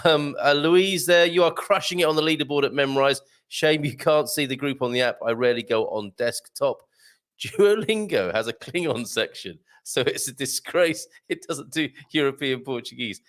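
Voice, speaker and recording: A man's voice: mid-range voice, lively intonation, normal speed, fairly bright tone. Chatty man hosting a live morning show. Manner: chatty, jokey, reads comments aloud. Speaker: host. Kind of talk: live show chat reading viewer comments.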